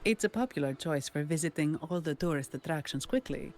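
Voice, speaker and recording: A courteous, formal young banker-bodyguard from a video game with an Italian accent. Her voice sits low, and a soft music bed runs underneath. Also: expressive, fairly quick. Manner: polite, formal, businesslike. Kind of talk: game character dialogue.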